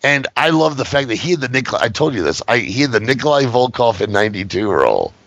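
Gravelly, jokey man on lo-fi podcast. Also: mid-range voice, big pitch swings, fairly bright tone, no room sound. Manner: jokey, does quick impressions and sound effects. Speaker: podcast co-host. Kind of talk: casual chat.

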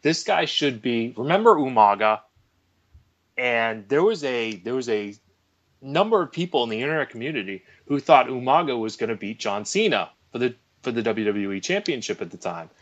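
A man's voice: mid-range voice, animated, normal speed, dull audio. A man holding forth on a podcast panel, emphatic and sure of his opinions. His voice sits in an everyday middle range. He leans on his key points. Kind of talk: casual panel chat.

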